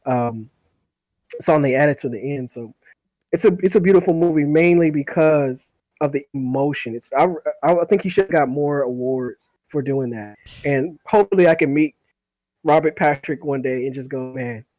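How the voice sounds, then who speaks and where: A man's voice: on the high side, moderate pace, a little mellow, no echo. A man hosting a casual podcast chat who rambles, laughs often and repeats his words. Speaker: podcast host.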